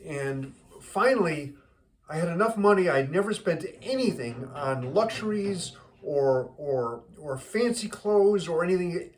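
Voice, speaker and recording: A man voicing a humble, shrewd immigrant shoe shine man who tells his story plainly, with halting repeats. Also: fairly high pitch.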